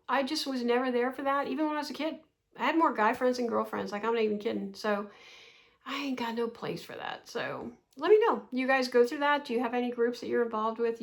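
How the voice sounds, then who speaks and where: Chatty woman in her sixties, slightly high voice. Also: vocal fry. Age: 60s. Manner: chatty, animated, exasperated, laughs often. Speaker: vlogger. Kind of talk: casual storytelling vlog.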